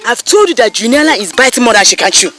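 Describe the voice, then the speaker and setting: An actress with a Nigerian English accent playing a fiercely protective mother who loudly accuses her daughter. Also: fairly high pitch, very animated, fast talker. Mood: outraged. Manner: loud, accusing, wailing. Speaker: mother of the family. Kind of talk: Nollywood film acting. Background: film score music.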